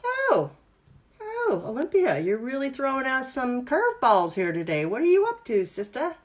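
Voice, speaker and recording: Brief: woman doing the brain's giddy inner voice, high-pitched, wide-eyed wonder. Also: huge pitch swings, moderate pace. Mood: surprised. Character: the listener's own brain, surprised and delighted inner voice.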